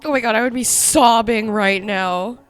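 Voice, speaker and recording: A sick young woman with the sniffles giving casual reaction commentary, jumpy and excitable, swearing, yelping and whispering when scared. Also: a little high, moderate pace, faint music behind. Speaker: YouTuber reacting to a horror series.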